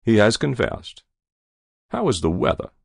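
A man reading a cold, gravelly general. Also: lowish voice, huge pitch swings, measured pace, darkish tone, dry recording, studio quality, exaggerated voice. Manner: cold, curt orders. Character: cold, impassive male army general. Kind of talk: audiobook reading.

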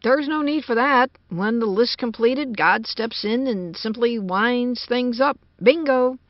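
A woman's voice: fairly high pitch, a little slow, dry recording, pitched above the performer's own voice, lightly acted. A woman voicing a worried American engineer man who speaks urgently and uneasily, on a dull lo-fi recording.

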